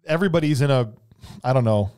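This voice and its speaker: Guy hosting a movie podcast, jokey, lots of quick questions, mid pitch. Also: animated, a little mellow, smooth. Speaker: podcast host. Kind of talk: casual movie podcast chat.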